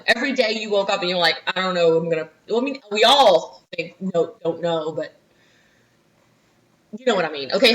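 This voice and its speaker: A middle-aged woman teaching a history lesson in a chatty, conversational way, full of asides to her class. Her voice is bright and clear, sitting a little high. Its pitch swings widely as she talks. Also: highs cut off.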